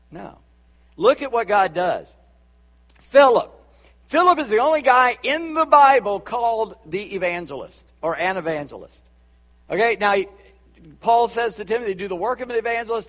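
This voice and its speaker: A man with a Charleston Southern accent preaching a sermon as a pastor, chatty with asides and quick laughs. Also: high voice, a bit bright, in a large hall. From Charleston, South Carolina.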